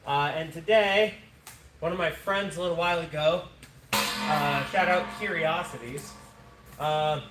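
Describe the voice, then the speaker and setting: A man's voice: on the high side, unhurried, pauses often, distant mic, over loud music. A man hosting a casual live stream, chatting and thanking viewers between practice throws. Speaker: livestream host. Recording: echoey room with noise.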